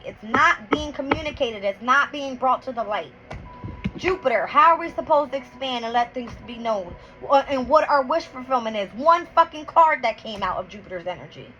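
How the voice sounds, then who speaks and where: A woman with a high-ish, bright voice and forceful tone does a casual tarot and astrology reading, counting cards aloud as she gets heated, blunt, and full of swearing. The recording is dull and lo-fi, with clear background noise.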